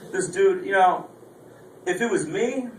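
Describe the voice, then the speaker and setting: A young man performing a stand-up comedy set, telling a story with lively acted-out voices. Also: sits high, measured pace. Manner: animated storytelling, acting out quoted voices. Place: small club stage. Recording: echoey room, distant mic, faint room noise.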